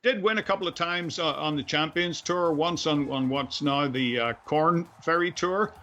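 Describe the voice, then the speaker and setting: A male host asks questions over a video call, stumbling and repeating words. His voice sits a little high, and the audio comes through dull. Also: moderate pace, a bit bright, slight background noise. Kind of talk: interview questions.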